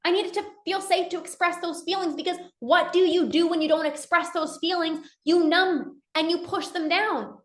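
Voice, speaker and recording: A woman speaks with a bright, high voice in a casual motivational talk. She talks earnestly as a coach and slips into quoted inner dialogue. The room around her rings with noticeable echo. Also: steady tone, normal speed, few pauses. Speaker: binge eating coach.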